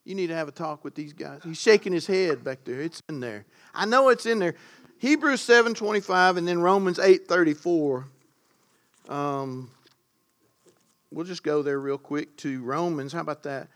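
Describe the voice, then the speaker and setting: A man's voice: on the high side, normal speed. Emphatic man preaching a sermon. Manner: emphatic, rising to loud stresses on key words; conversational asides to the congregation.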